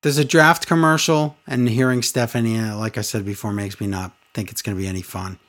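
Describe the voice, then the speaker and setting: A woman with an extremely low, darkish voice speaks fast with fairly even intonation. She co-hosts a casual wrestling recap podcast, telling the story with sarcastic exasperation and mocking impressions.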